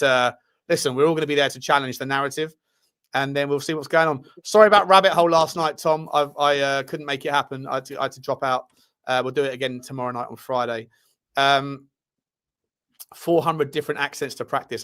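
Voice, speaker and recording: A man hosting a live football chat show, talking in a lively, rambling way with many fillers. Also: a little high. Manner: animated, quick, many fillers and restarts. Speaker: host.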